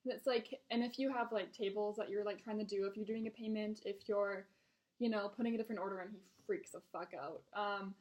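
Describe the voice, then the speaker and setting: A woman's voice: mid-range voice, steady tone, brisk, darkish tone. A young adult woman, a restaurant server, telling casual stories about her customers in a blunt, exasperated way with plenty of swearing. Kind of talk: casual venting storytime.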